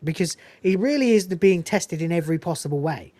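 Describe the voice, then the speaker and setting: On this podcast, a female host reviews a film in an animated, slightly fast casual chat, cursing freely and laughing a lot. Her voice sits lowish with a dark tone, and there's no room sound.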